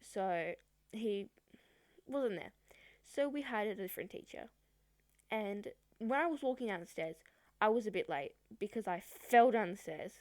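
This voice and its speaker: A woman's voice: medium pitch, lively intonation, measured pace, dry recording, studio quality. A woman vlogger telling a personal story in a chatty, rambling way, with many fillers. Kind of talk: storytime vlog.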